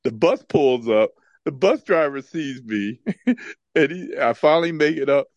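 A man co-hosting a podcast, telling stories in a casual, animated way and laughing often. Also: on the high side, unhurried, no echo, dull audio. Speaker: podcast co-host. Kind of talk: casual chat and storytelling.

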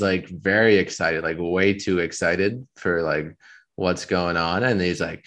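A man co-hosting a podcast, telling a travel story in a rambling, deadpan way with lots of fillers. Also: deep voice, unhurried. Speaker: podcast co-host. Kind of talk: casual chat.

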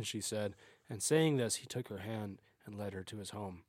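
A man's voice: lowish voice, moderate pace, dry recording, clean studio sound. A man, a podcast host, reading a folktale aloud with small stumbles and self-corrections.

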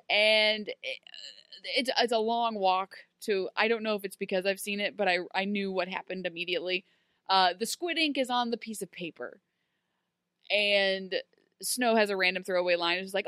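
A woman's voice: medium pitch, normal speed, smooth, dry recording, clean studio sound. A woman chatting casually as a podcast co-host, recapping a TV episode and acting out the characters' lines. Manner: animated, acts out characters' lines.

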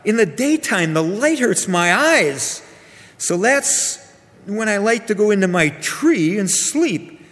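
A kindly, wise old owl from a bedtime story, voiced by a man, musing gently and without hurry. The voice sits high, with a long hall reverb lingering behind it. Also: sing-song, slow, full character voice.

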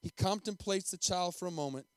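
Brief: male pastor, slightly high voice, emphatic storyteller, dry and close. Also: fairly quick, no room sound. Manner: dramatic, emphatic, repeats himself. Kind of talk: sermon storytelling.

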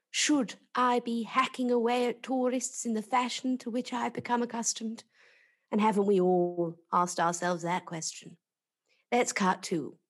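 A woman playing a gushing, playful interviewer in a mock film interview sketch. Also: a little high.

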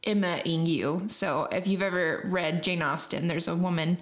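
A woman's voice: lowish voice, moderate pace. A woman hosting a podcast in casual chat, chatty and giggly, explaining what she has read. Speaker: podcast host.

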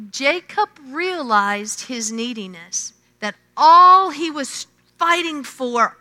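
High bright lady preaching a sermon, slow and emphatic, big echoey hall. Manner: emphatic, slow, with swelling and hushed phrases. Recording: long hall reverb.

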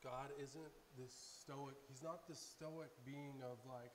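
A man's voice: mid-range voice, steady tone, slow, few pauses. Earnest man preaching in an echoing hall. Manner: earnest, with frequent restarts and repeated words. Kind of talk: sermon. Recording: faint hum in a long-reverb hall.

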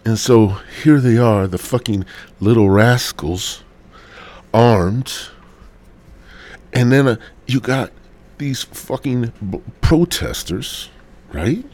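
A man's voice: medium pitch, lively intonation, slow, pauses often, a little mellow. A man hosting a podcast solo, rambling and cursing in a casual, stoned rant while a bit sick. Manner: rambling, profane, sighing. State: sick with a cold. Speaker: podcast host.

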